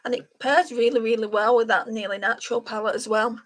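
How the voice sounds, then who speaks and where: A woman's voice: a little high, fairly even intonation, a little fast. A woman chatting casually to viewers by name while she does her makeup on a livestream. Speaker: beauty livestream host.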